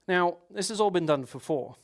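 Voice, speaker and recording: A man's voice: sits high, animated, moderate pace. A man giving a technical conference talk, explaining at length with rhetorical questions and frequent restarts. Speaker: conference speaker.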